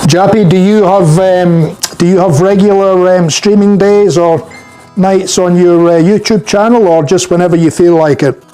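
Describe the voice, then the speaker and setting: A man's voice: sits high, fairly even intonation, normal speed, dark tone, clean tone, soft background music, poor audio. A middle-aged man from Scotland with a mild Scottish accent chatting casually with viewers while working on a live stream. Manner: friendly, chatty with viewers, hesitant fillers.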